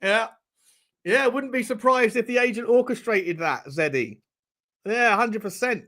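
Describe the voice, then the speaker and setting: A man hosting a casual fan live stream, chatting to his viewers. His voice sits fairly high for a man. He rambles, jokes and riffs on the comments as they come in. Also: expressive, unhurried, sharp tone. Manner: rambling, jokey, banters with chat. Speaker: fan channel host.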